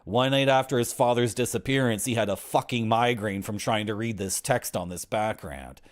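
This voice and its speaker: A man's voice: lowish voice, normal speed. Brief: a man in his forties reads a game's story aloud, with sarcastic asides between the lines. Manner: wry, griping asides, sarcastic. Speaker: game streamer. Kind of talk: reading game text aloud with commentary.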